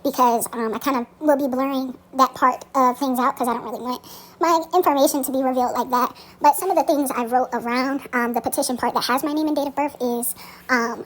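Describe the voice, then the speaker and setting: High-voiced woman casually walking you through a spell, lots of ums, swears now and then. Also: fairly quick, rough recording. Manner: relaxed, frequent ums, occasional swearing. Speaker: spiritual practitioner teaching a spell. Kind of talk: casual spoken tutorial.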